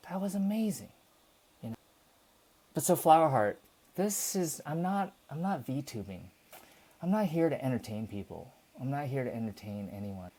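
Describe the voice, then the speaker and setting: A man's voice: mid-range voice, dark tone. A man hosting a livestream, talking casually and passionately to his chat, rambling and swearing. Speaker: livestream host.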